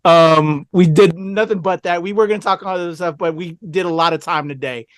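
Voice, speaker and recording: A man hosting a casual podcast, with a voice that sits high. He talks in a laid-back, rambling way and keeps moving the conversation along. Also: brisk. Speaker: podcast host. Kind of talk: casual chat.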